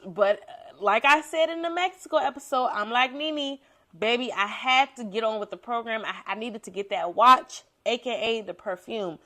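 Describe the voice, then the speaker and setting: Animated young woman podcaster telling a story. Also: moderate pace. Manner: animated, slangy, acts out quotes with big pitch jumps. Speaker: podcast host. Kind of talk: casual storytelling monologue.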